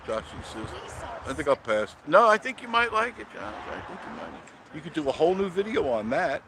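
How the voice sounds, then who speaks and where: A man's voice: high-pitched, very animated, fairly quick, bright, forceful tone, slight background noise. A man hosting an unscripted live stream, talking bluntly and chattily and greeting viewers by name as he goes.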